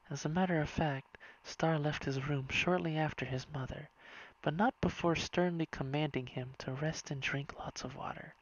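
A reader narrating a whispered bedtime story in a soft, hushed and unhurried way. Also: mid-range voice. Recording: dull lo-fi recording.

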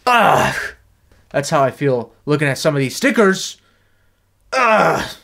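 A young man vlogging a comedic review, talking in a deadpan, crude, rambling way. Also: a little high, a little fast. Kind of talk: comedic sticker review vlog.

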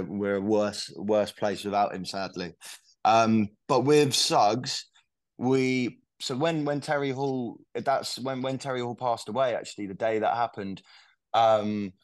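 A man's voice: on the low side, no echo. A young English man, a musician, telling stories in a casual interview, rambling with lots of fillers and restarts. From England. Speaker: musician guest.

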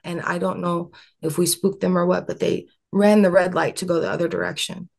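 A woman's voice: lowish voice, little pitch movement, a little fast, vocal fry, a little mellow. A young adult woman as an interview guest, telling a long story in an earnest, rambling way with many fillers and restarts.

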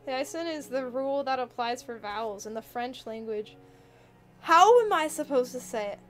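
A young woman streams a game and talks casually to her chat, giggly and quick to get excited. Her voice sits high. Keyboard typing is heard behind her.

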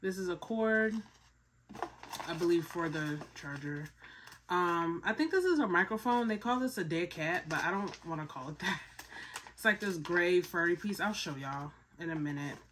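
A young woman from Philadelphia talks through a casual unboxing vlog, thrilled and a bit breathless, tripping over and repeating her words. Her voice sits on the lower side, with a faint hiss behind it. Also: normal speed. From Philadelphia, USA. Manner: excited, breathless, repeats herself. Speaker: vlogger.

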